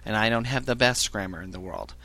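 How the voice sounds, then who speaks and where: A man hosts a casual, crude podcast, swearing heavily and ranting about callers from his phone service job. His voice is creaky, pushed and bright, and fairly quick. He mimics the callers in a high voice.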